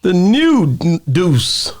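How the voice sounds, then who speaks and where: A man hosting a casual interview, joking and asking quick questions. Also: high voice, big pitch swings. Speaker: interview host.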